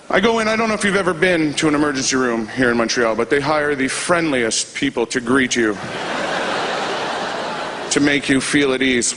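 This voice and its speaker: A man in his thirties doing a stand-up comedy set on stage, telling stories in a deadpan way with quick asides. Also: medium pitch, a little hiss or hum.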